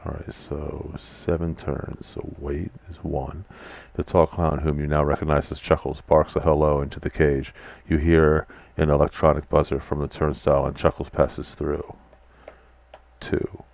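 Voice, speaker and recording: A man's voice: a bass voice, level tone, a little slow, gravelly. A man playing a text adventure game, reading the game text aloud and chatting casually between commands. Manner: quiet, mutters typed commands. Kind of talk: casual let's-play commentary.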